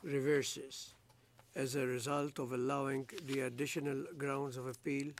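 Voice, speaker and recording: A man, the presiding judge, reading out a formal appeals judgment in a slow, measured legal recitation. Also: mid-range voice, flat delivery, slight background noise.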